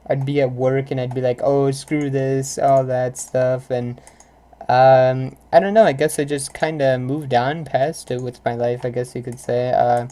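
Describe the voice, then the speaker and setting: Speaking in a very deep, mellow voice, a young woman vlogger goes off live on her pet peeves in a casual rant to viewers. Exasperated and rambling, she keeps saying "like" and "if you know what I'm saying."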